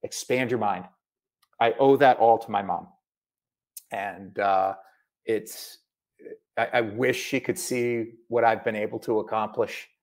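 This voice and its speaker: A middle-aged man from Massachusetts, an author chatting in an interview, animated and full of asides. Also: fairly low pitch, unhurried, gravelly, pauses often. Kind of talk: casual video interview.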